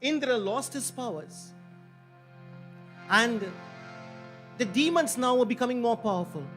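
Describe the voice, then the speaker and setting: High-voiced man preaching. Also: animated, soft background music. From Trinidad and Tobago. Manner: storytelling, repeats phrases for emphasis, swells louder and slows on key points. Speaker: pundit officiating a yagna. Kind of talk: sermon.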